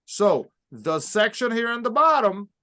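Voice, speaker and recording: A man's voice: high voice, big pitch swings, unhurried, sharp tone. A man teaching a pronunciation class, patiently explaining step by step and modeling sounds for learners to repeat. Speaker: Spanish teacher. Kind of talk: recorded language lesson.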